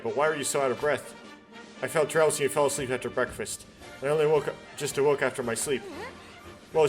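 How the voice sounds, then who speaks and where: A man reading a visual novel aloud, doing every character's lines in his own voice, with stumbles and self-corrections. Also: medium pitch.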